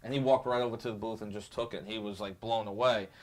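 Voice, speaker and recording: A man from New York, a guest chef telling animated stories in a casual chat and often repeating his words. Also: lowish voice, fast talker.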